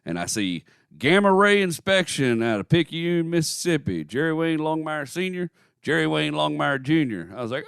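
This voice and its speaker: Gravelly man in his forties. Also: on the high side, animated, fairly quick, a bit bright, no echo, studio quality. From Texas. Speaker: podcast co-host. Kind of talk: casual chat, storytelling.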